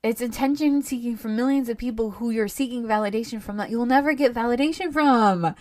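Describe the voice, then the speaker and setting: A woman's voice: on the high side, fairly quick. Candid woman ranting on her podcast. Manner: candid, rambling, animated when ranting. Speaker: podcast host. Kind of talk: casual solo podcast monologue.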